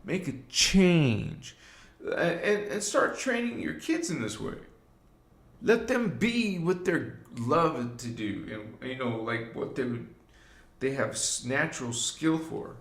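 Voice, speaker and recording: A man hosts a live spiritual talk, rambling loosely with lots of fillers and asides while speaking straight to his viewers in a preachy way. His voice is a little high, a bit bright and creaky, very animated yet slow, and the room is echoey.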